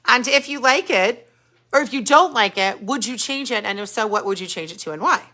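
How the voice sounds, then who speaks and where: A middle-aged woman hosting a relaxed live stream. Her voice rides a little high and bright, with a sweeping, animated pitch. She chats casually, greets viewers by name and muses aloud over their replies. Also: fairly quick. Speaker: podcast host reading live chat comments.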